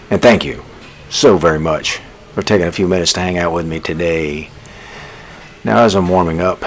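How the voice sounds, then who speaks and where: A man's voice: deep voice, slight background noise. A man in his sixties hosting a fitness vlog, chatting to viewers in a casual, folksy way. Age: 60s. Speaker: fitness vlogger. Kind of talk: casual workout vlog chat.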